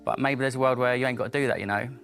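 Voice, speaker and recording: A man talks quickly and eagerly. He is encouraging and openly emotional. Faint music runs beneath him. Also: mid-range voice, steady tone, creaky, fairly bright tone. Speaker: investor on a panel. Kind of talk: business show conversation. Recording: light music underneath.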